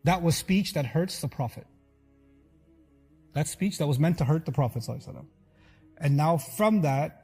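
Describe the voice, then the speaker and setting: A man's voice: on the high side, dark tone. A man giving an earnest, emphatic sermon-style lecture to listeners. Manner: earnest, emphatic, acts out quotes. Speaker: religious lecturer.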